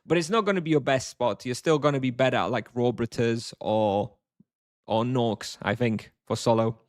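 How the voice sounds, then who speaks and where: A man's voice: mid-range voice, normal speed, dry recording, clean studio sound. A man streaming a game live, chatting casually with his chat, thinking aloud with fillers and frequent chuckles.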